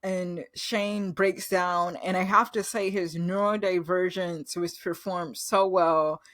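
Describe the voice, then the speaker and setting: A woman with a somewhat low voice gushes through a casual show recap. The sound is close and dry, with no room around it. She stumbles over her words when moved and acts out the characters' lines. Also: fairly even intonation, takes it slowly, a bit bright, no echo.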